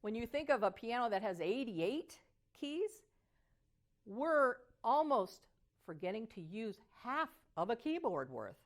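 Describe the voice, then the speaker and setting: An older woman voice coach giving a motivational teaching talk, animated and at times singing phrases to show melody. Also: fairly high pitch, measured pace.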